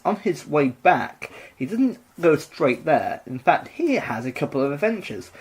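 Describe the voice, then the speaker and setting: A man's voice: on the high side, slightly rough. A man co-hosting a podcast, chatting casually and telling stories in a rambling, jokey way. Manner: rambling, lively storytelling with restarts. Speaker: podcast co-host. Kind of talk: casual comedic chat.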